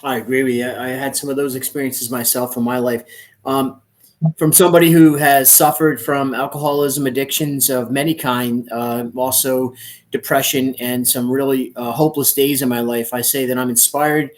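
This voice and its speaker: A man's voice: mid-range voice, little pitch movement, moderate pace. A man hosting a podcast over a recorded online call, an earnest and encouraging life coach who reassures listeners.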